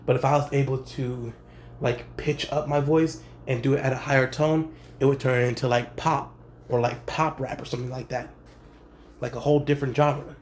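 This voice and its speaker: A young man, a rapper, speaking in a laid-back, slangy way with a monotone delivery in a casual vlog. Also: medium pitch, brisk, a little hiss or hum. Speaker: rapper and channel host. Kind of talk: casual talking-head vlog.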